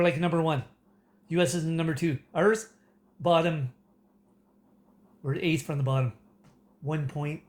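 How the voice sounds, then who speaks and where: Canadian guy ranting off the cuff, voice sits kinda high, keeps restarting and cracking up. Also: a little mellow. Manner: rambling, many fillers and restarts, frequent laughter. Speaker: political commentator. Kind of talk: casual rant to camera.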